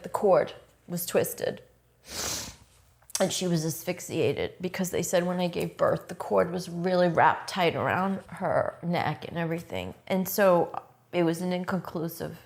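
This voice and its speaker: A woman's voice: medium pitch, vocal fry. A middle-aged woman in an interview, telling a painful personal story in a raw, blunt way, swearing often and speaking with intensity.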